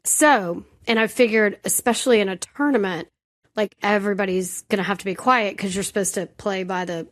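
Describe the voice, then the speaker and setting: A woman co-hosting a talk show tells a personal story in a relaxed, chatty way. She talks at a medium pitch and keeps restarting and correcting herself. She pokes fun at herself as she goes. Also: brisk. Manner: animated, self-deprecating, many restarts. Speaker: podcast co-host. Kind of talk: casual conversational storytelling.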